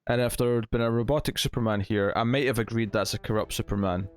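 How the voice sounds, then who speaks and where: A man co-hosting a comic book podcast, talking in a relaxed way and pausing to think as he goes. His voice sits in an ordinary middle register. The recording is dry, with no room sound. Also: medium pitch, clear, resonant tone, no room sound, faint music behind. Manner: relaxed, thinking aloud with fillers. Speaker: podcast co-host. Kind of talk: casual comic review chat.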